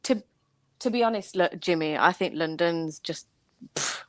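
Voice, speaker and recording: A woman trades sarcastic teasing in a casual livestream chat. Her pitch is mid-range for a woman. The recording is close and very dry, with no room sound. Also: a little slow, no room sound. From West Midlands, England.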